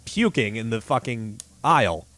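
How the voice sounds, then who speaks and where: Man, podcast co-host, casual swearing storyteller, dry close mic, mid pitch. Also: normal speed, dry recording. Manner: laughing, swearing, animated retelling with quoted voices. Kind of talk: casual profane storytelling chat.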